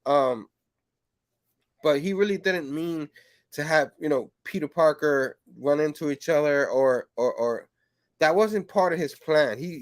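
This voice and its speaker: Guy chatting about comics, kinda high voice, dry close sound, lots of "you know what i mean". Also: dry recording. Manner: rambling, filler-heavy, animated when acting out quotes. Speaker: comic book show host. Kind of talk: casual comic review chat.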